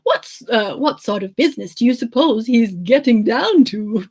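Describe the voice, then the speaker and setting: A woman's voice: on the high side, expressive, normal speed, a little mellow, breathy edge. A woman co-hosting a live watch-along show, giggly and sarcastic while reading out comments. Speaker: co-host.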